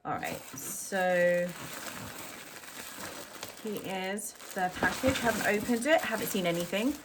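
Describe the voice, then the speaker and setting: A woman's voice: mid-range voice, slow pace, heavy background noise. A middle-aged woman vlogging a clothing unboxing in a chatty, rambling way with lots of ums. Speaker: fashion vlogger. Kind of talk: casual unboxing chat to camera.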